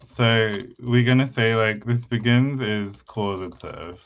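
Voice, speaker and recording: Slow, hesitant man, smooth voice. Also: lowish voice. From United Kingdom. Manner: hesitant, many pauses and fillers. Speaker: podcast co-host. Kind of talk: casual chat about language building. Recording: slightly dull lo-fi mic.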